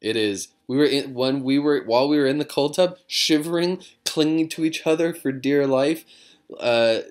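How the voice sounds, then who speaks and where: A man's voice: fairly high pitch, normal speed. A man, a comedian, chatting casually and rambling from his living room, drifting between digressions with self-mocking humor. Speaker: comedian vlogger.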